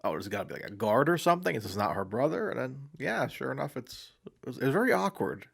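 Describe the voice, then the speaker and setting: A man co-hosting a film podcast in casual chat, relaxed, laughing often and trailing off mid-sentence. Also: mid-range voice, fast talker, creaky, husky. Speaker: podcast co-host. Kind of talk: casual chat about films.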